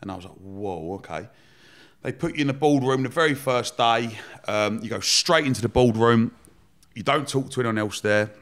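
A man at an everyday pitch, telling his story in easy podcast chat. He talks in an animated way, breaks into laughter often and swears without a second thought. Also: normal speed. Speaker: podcast guest, entrepreneur.

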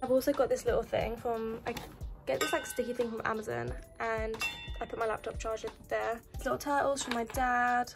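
Young woman, casual room-tour vlogger, even delivery, music bed behind. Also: fairly high pitch, a little fast, gravelly. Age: young adult. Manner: chatty, listing items as she goes. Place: student bedroom in university housing. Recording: music playing under the voice.

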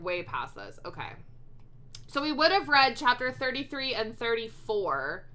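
A woman's voice: a little high, sharp tone. A woman streamer reading a fan fiction aloud for laughs, swearing and exasperated. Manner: exasperated, swears a lot, reads with mock emphasis. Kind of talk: comedic dramatic reading with commentary.

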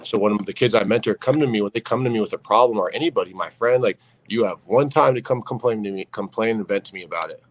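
Deep-voiced young man talking fast. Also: a little hiss or hum, poor audio. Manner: earnest, heavy on fillers like "you know what I mean". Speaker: podcast guest. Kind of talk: candid storytelling interview.

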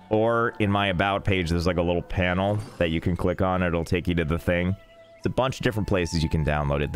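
A young man talks his way through a game stream in a somewhat low voice, dropping deadpan jokes and rambling asides. Faint game music runs quietly beneath him. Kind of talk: casual gameplay streaming.

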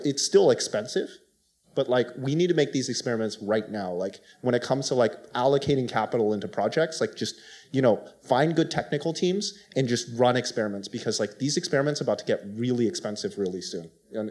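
Panelist, male, mid-pitched, animated and filler-heavy. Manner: fast, emphatic, heavy use of "like". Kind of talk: conference panel discussion.

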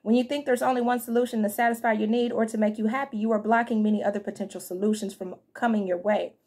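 A woman gives a loose, talkative tarot reading, her voice sitting a little on the high side. She chats directly to her viewers in a slangy way. She sounds freshly woken and a bit drowsy. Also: fairly even intonation, quick pace, darkish tone, slightly rough. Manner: chatty, slangy, addresses viewers as y'all and fam. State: just woke up, yawning. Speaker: tarot reader.

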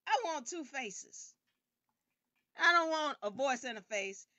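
A woman hosting an online game show livestream. She talks emphatically and sometimes bursts out loudly. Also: sits high, slow pace, dry recording, muffled recording. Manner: animated and emphatic, bursts into loud outbursts. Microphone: camera rig.

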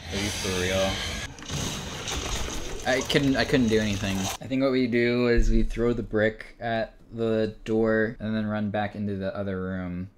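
A young man with a fairly low voice talks through a horror game on stream at a desk microphone. He sounds exasperated, often bursting into shouts and laughs. A faint room ambience sits under his voice. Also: slight background noise. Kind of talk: frustrated gameplay commentary.

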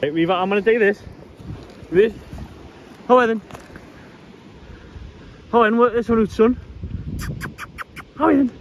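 High-pitched man cooing at his dog. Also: a little slow, pauses often, dull audio, slight background noise. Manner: coaxing the dog in a high sing-song voice, swears freely. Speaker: vlogger walking his dog. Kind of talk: casual chat while walking a dog. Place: outdoors on a coastline.

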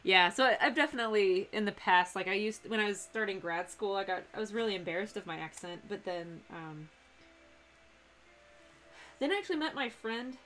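A young woman with a faint Texan twang talks casually as she works on a sewing project, her thoughts wandering and doubling back. Her pitch sits in a middle range, and soft music plays quietly behind her. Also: animated, fairly quick. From Texas. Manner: chatty, rambling, self-interrupting with laughs. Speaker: cosplay streamer. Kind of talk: casual live-stream chat while sewing.

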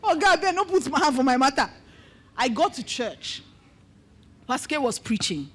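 A middle-aged woman with a Nigerian accent preaches a testimony sermon, her voice sitting notably high. She tells the story with animated flair and slips into Pidgin asides along the way. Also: moderate pace. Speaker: pastor.

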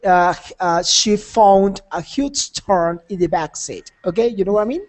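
A man's voice: high voice, unhurried. A man teaching an English conversation class, encouraging and repetitive, laughing often.

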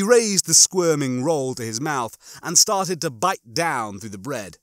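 A man narrating a comic audiobook with animated, expressive storytelling. His pitch sits a little high and moves a lot, the tone bright, and the recording is close and dry. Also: a little slow, few pauses, dry recording. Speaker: audiobook reader.

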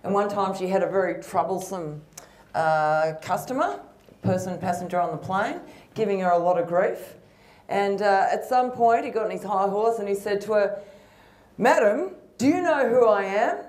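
Female comedian guest, calm storyteller, echoey room. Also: medium pitch, normal speed. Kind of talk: joke telling.

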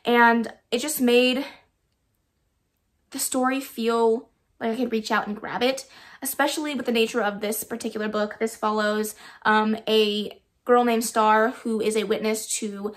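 A woman's voice: on the high side, steady tone, measured pace. A woman book vlogger giving casual, enthusiastic audiobook recommendations, with frequent ums. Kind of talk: casual book review vlog.

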